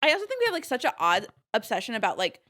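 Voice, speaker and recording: A woman's voice: on the high side, huge pitch swings, rapid-fire, bright, forceful tone. A woman in her thirties co-hosting a casual podcast chat, talking in a chatty way with lots of "like" fillers. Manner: chatty, heavy use of "like". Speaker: podcast co-host.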